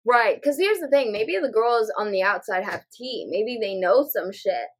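A woman's voice: on the high side, expressive, moderate pace. A woman co-hosting a podcast, reasoning aloud in casual chat with many fillers. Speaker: podcast co-host.

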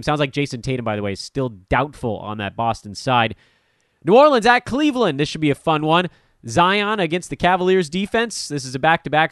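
A male podcast host with a slightly high voice that swings up and down a lot. He rambles in a blunt, joking way, and the sound is dry, with no room behind it. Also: no echo. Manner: animated, rambling, jokey and blunt. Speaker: fantasy basketball podcast host. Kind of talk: casual podcast talk with sponsor promo.

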